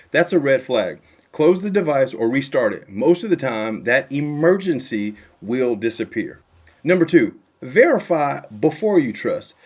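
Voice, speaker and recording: A man hosting his channel, narrating a scripted explainer in an earnest, urgent warning tone, delivering his points in short punchy phrases. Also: medium pitch. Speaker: channel host.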